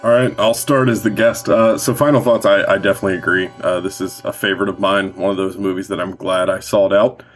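A man talking as a guest on a casual podcast, relaxed and rambling with fillers. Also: sits low, a little fast, hardly any pauses, faint music behind.

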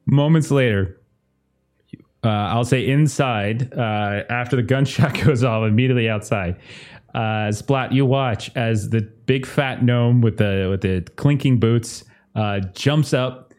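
A man's voice: mid-range voice, measured pace, a little mellow. A man narrating as game master of a tabletop game, casual, with many fillers and restarts.

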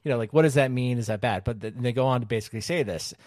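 Joking, animated podcast host man. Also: mid-range voice, racing, no room sound, studio quality. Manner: animated, joking, reads quotes aloud. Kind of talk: casual chat.

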